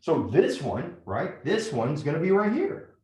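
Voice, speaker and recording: A man's voice: a little high, very animated, unhurried, a little mellow, roomy sound. A man teaching a math lesson step by step, often checking in with "right?". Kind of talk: classroom lecture at a whiteboard.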